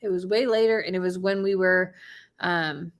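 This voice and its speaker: Animated woman telling a funny story. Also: on the low side, moderate pace, slight background noise. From Midwest US. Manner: animated, laughs often, swings from excited to hushed. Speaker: host telling a personal story. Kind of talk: casual storytelling.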